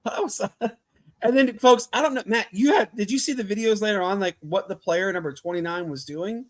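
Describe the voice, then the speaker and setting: A man co-hosting a casual sports podcast, loose and excitable, full of fillers and restarts. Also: high-pitched, normal speed. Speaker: podcast co-host.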